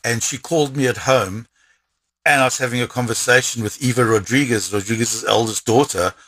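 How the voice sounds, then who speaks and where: A middle-aged man with a South African accent, recounting a story in an interview with lively repetition. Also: mid-range voice, fairly quick, slightly rough, no room sound. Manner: animated storyteller, repeats words when excited.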